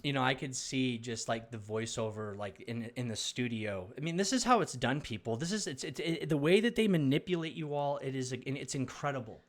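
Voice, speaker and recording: A man's voice: medium pitch, expressive, brisk, few pauses. Preachy man ranting at viewers. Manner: preachy, repeats words, addresses viewers. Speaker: commentator. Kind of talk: ranting video commentary.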